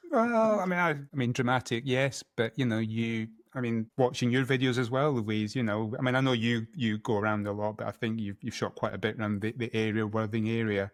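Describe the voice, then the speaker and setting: A man's voice: mid-range voice, brisk, no echo, studio quality. A middle-aged man from Scotland, a photographer as guest, talking casually and often correcting himself with a laugh. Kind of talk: casual interview chat.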